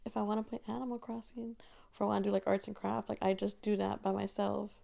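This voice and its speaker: A young woman co-hosting a casual podcast, her voice full of heavy, crackling fry. She chats in an upbeat, easygoing way. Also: mid-range voice, little pitch movement, fast, dark tone. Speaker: podcast co-host. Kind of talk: casual chat.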